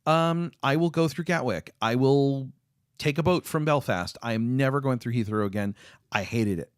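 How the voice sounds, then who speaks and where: A man's voice: medium pitch, moderate pace, clean tone, no room sound, studio quality. A man chatting casually with viewers on a live stream, rambling with lots of fillers and restarts. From United States.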